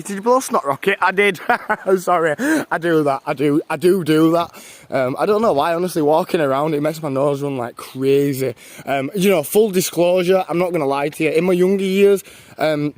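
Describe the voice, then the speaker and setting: A man's voice: on the high side, dry recording. A young man with a northern English accent, chatting casually to viewers while walking outdoors on a livestream. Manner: chatty, rambling, thanks viewers warmly. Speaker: live-streamer. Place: outdoors walking through a town. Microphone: handheld phone camera.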